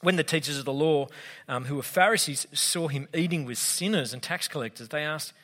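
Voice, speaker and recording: An Australian man preaching a sermon in a relaxed, conversational way, with humorous asides, as a pastor with young kids. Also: a little high, fairly quick. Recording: long hall reverb.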